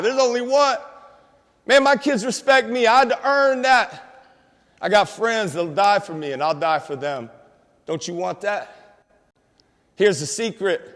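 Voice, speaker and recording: High-voiced man preaching in a hall. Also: a bit bright. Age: 50s. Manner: preachy, streetwise, calls out to the crowd. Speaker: motivational speaker. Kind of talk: inspirational school assembly talk. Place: school auditorium. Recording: long hall reverb in a large auditorium.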